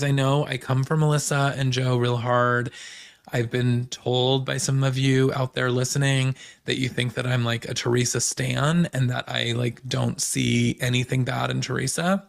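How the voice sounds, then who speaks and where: A man's voice: mid-range voice, vocal fry. A man hosting a podcast, chatting casually and gossipily about reality TV, full of fillers like "um" and "you know". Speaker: podcast host. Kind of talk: casual recap chat.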